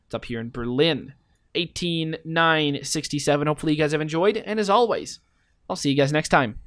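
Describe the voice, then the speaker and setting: A man's voice: a little high, a little fast, fairly bright tone. A man commenting casually on a geography game, rambling and asking himself playful questions as he thinks aloud. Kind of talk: casual let's-play commentary.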